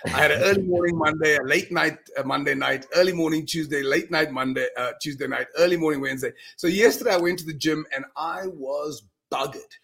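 A middle-aged man speaking as a guest on an interview podcast. He talks in an emphatic, earnest way, with quick restarts and repeated words. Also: a little high, creaky, fairly bright tone. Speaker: guest speaker on mind power. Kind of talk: animated storytelling in a podcast interview.

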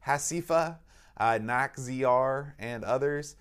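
A man's voice: mid-range voice, slow pace, a bit bright, clean tone. A man co-hosting a retro gaming podcast in a casual, joking, self-deprecating way. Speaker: podcast co-host. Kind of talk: casual chat.

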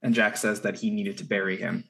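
A man co-hosting a casual podcast, summarizing plot points in a brisk way with wry asides. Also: on the low side, level tone, vocal fry, bright, forceful tone. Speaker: podcast co-host recapping episodes. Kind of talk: casual chat.

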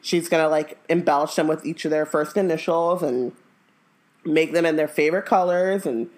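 A woman's voice: low-pitched, fairly even intonation, moderate pace, darkish tone. Rambling woman telling a funny story. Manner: rambling, filler-heavy, comic storytelling. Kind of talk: casual chat retelling a story.

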